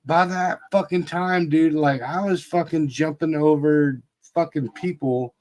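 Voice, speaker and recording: A middle-aged man telling a casual story, swearing freely, and shouting out quoted lines. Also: fairly high pitch, steady tone, unhurried. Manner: profane, laid-back storytelling with shouted quotes. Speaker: podcast host. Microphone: video call.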